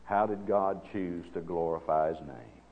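A man preaching a sermon, swinging from hushed, slow phrases to loud, emphatic ones. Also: deep voice. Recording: dull sound with long reverb.

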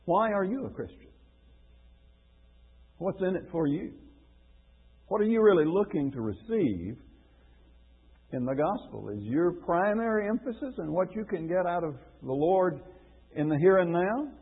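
A man's voice: high voice, lively intonation, unhurried, pauses often, slightly rough. A man preaching a radio lesson, earnest and questioning, repeating phrases for emphasis. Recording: phone-like radio broadcast with long reverb.

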